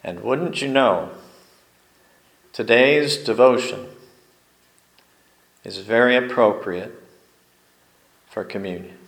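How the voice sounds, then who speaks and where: A male pastor giving a sermon, telling folksy stories with deliberate pauses. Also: mid-range voice, gravelly, a bit bright, roomy sound, poor audio. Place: church sanctuary.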